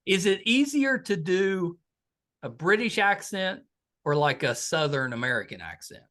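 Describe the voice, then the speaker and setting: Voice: medium pitch, sing-song, measured pace, a bit bright. Podcast host chatting with a guest, jokey, lots of uhs. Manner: chatty, joking, filler-heavy. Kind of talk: casual interview chat.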